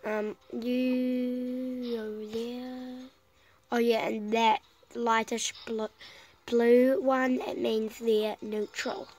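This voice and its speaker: A woman who is sick with a cough rambles casually to herself while commenting on her own strategy game play, trailing off with many fillers. Her voice is on the high side and darkish, level in tone and extremely slow, in a low-quality recording.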